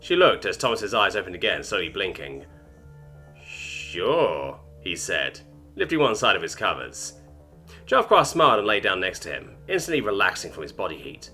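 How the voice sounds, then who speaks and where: A man narrating a science fiction story in an expressive, scripted reading. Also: deep voice, fairly quick, soft background music.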